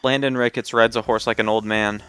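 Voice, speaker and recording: Bright-voiced joking man playing a game. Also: lowish voice, steady tone, fairly quick, smooth, no room sound. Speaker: let's play streamer playing the game. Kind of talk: casual gameplay commentary.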